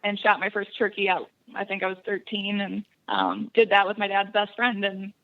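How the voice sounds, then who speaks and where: This podcast guest, a woman from Buffalo County, Wisconsin, recounts hunting stories during a casual interview. She's a lively storyteller who laughs frequently, speaking at normal speed with a medium pitch through phone-quality sound.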